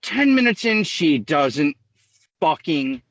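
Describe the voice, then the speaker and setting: A man co-hosting a casual film podcast, talking excitably and swearing freely. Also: on the high side, slow, dry recording. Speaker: podcast co-host.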